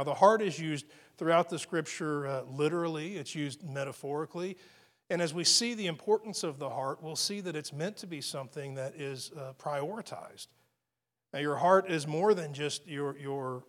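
A man's voice: a little high, fairly bright tone. A man who is a husband and father, preaching a sermon in an earnest, emphatic way, often restarting and repeating words. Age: adult with family. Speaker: pastor.

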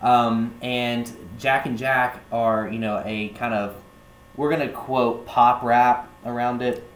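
A man's voice: mid-range voice, steady tone, slow pace, slight background noise. Rambling man in a roomy space. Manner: rambling, many fillers like "um" and "like". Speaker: podcast co-host. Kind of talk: casual chat.

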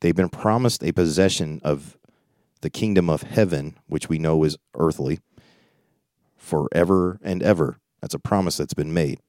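A man's voice: rumbling low, normal speed, a little mellow, no echo, studio quality. A man leading a Bible study, reading verses aloud and adding informal comments in a conversational way. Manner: reads scripture aloud then comments informally; conversational, with frequent restarts and asides. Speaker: preacher.

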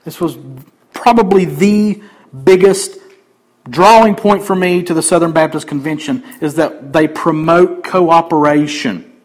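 Emphatic preaching man, slightly high voice. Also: a little slow, rough recording. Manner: emphatic preaching, swinging between loud declarations and quiet asides. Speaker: pastor. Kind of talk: sermon.

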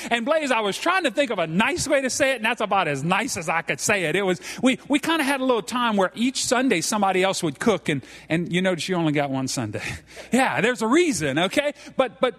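A man with a Cajun accent preaches live from the pulpit, mixing teasing jokes into his points and checking in with "okay?" again and again. His voice sits fairly high for a man. The sound rings out with a long hall reverb. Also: a bit bright. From South Louisiana. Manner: folksy and joking, tags lines with "okay?". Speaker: pastor. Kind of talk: live sermon. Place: church.

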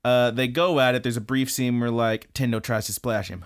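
A man co-hosts a casual podcast, retelling an anime with plenty of swearing and jokes. His voice sits at a middle pitch, and he slips in quick put-on voices for the characters. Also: steady tone. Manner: profane, jokey, acts out characters' lines in quick voices. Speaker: podcast co-host. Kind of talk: casual anime recap chat.

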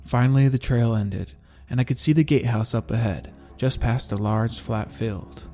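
A man narrating a first-person audiobook in a steady, measured reading. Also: mid-range voice, soft background music.

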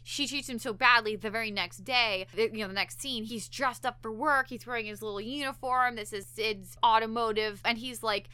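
On a podcast, a woman casually recaps an episode, acting out the characters' lines in quotes with animated energy. Her voice sits fairly high and moves at a moderate pace with few pauses. The tone is clean, and there's no room sound.

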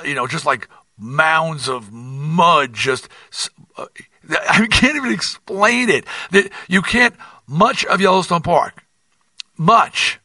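An older man hosting his own podcast, telling a rambling, animated story with many restarts and asides. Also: a little high, no room sound, distant mic. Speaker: podcast host. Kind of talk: casual monologue.

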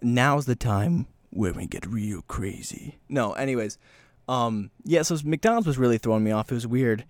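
Male solo podcaster, scattered and self-mocking, very lively pitch, dry booth sound. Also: no echo. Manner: scattered, self-mocking, slips into quick voiced bits. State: slightly breathless from talking fast. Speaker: podcast host. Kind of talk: rambling solo podcast chat.

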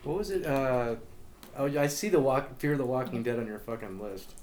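A man's voice: medium pitch, animated, moderate pace, a little mellow, slight background noise. A man in a casual group chat, blunt and profane.

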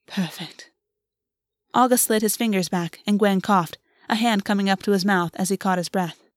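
Woman narrating a fantasy novel, steady even read, close dry mic. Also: mid-range voice, fairly quick, no echo. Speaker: audiobook narrator. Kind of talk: scripted narration.

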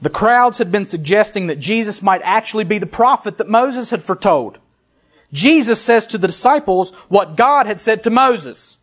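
A man with a high, light voice preaching a sermon. He reads scripture aloud with emphasis, then breaks off into casual, conversational comments to his congregation. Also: lively intonation, normal speed, fairly bright tone. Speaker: pastor.

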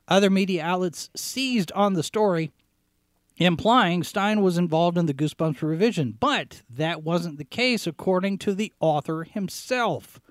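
A man hosting a talk show, giving sarcastic commentary as he reads out headlines, often clearing his throat and restarting his sentences. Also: high voice, no room sound, studio quality. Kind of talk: opinionated commentary, reading headlines.

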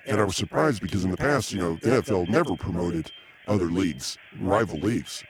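Brief: lower-voiced male host, dry, meandering, quick to get exasperated. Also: expressive, crowd noise. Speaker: podcast host. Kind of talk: casual live podcast chat.

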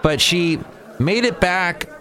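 A man's voice: high voice, lively intonation, takes it slowly, sharp tone. Rambling playful male podcast host. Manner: playful, digressive, self-mocking.

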